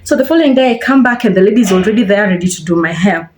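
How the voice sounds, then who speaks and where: A woman's voice: mid-range voice, lively intonation, racing, darkish tone, reverberant, slight background noise. A young woman with a Kenyan accent tells a story in a casual, chatty way while she gets ready. She retells events with animation and puts a bit of life into the lines she quotes. The sound is a simple phone-camera recording. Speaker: vlogger. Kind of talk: casual storytime while doing her hair.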